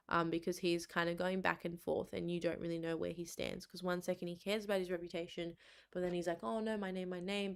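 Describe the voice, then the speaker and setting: A young Australian woman runs a revision lecture in a chatty, informal way, full of "like" and quick laughs. Her voice sits fairly low and sounds smooth and clear. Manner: chatty, uses "like" and "low-key" a lot, laughs between points. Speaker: exam revision presenter. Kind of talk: casual lecture.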